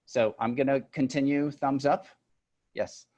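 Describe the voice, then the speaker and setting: A man's voice: mid-range voice, fairly even intonation, a little slow, darkish tone, highs cut off. A man, an agile and leadership coach, presenting a webinar over a video call in a conversational way with joking asides. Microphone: computer mic on a video call.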